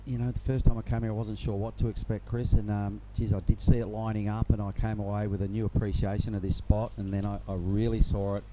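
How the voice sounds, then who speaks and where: A man commentating live surfing in a relaxed, rambling way. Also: lowish voice, fast talker, few pauses, background noise. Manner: relaxed, rambling, many fillers. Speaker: surf commentator.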